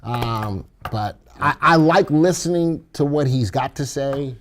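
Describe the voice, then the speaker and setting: A man's voice: medium pitch, slow pace. A man co-hosting a live stock market show, giving commentary with playful, jokey banter. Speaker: stock market instructor co-host.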